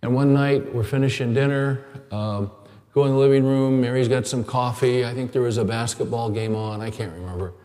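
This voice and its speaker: A middle-aged man preaching a sermon as a pastor, telling stories earnestly and dropping to a hushed tone at times. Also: medium pitch, fairly even intonation, brisk, in a large hall. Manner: earnest storytelling, drops to a hushed tone.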